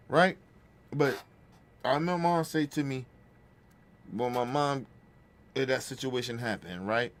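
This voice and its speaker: Profane man telling a family story. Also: medium pitch. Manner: profane, conversational, repeats "right?" often. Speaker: podcast host. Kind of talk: casual storytelling.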